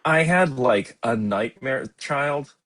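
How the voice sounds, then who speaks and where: A man's voice: mid-range voice, lively intonation, slow, fairly bright tone. A man co-hosting a movie podcast, telling stories in casual, laughing banter. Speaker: podcast co-host. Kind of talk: casual chat.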